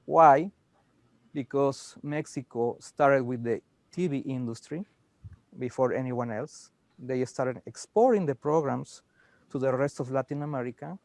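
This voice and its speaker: Casting: man on a panel, mid-pitched, dry close mic, many "you know"s. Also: measured pace, darkish tone, no room sound. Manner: explanatory, frequent "you know" fillers. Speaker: dubbing studio head. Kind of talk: panel discussion.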